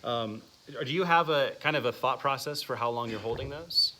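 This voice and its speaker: Bright-voiced male music teacher. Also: medium pitch, moderate pace. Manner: encouraging, asks the class questions, counts out exercises. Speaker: music teacher leading a masterclass. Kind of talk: classroom instruction.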